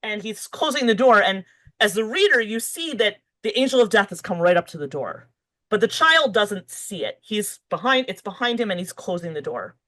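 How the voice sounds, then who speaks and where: Guest author, woman, mid-pitch, chatty and searching, lots of "you know" and self-corrections. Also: expressive, moderate pace, fairly bright tone, low-quality recording. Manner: thinks aloud with fillers and restarts. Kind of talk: conversational interview.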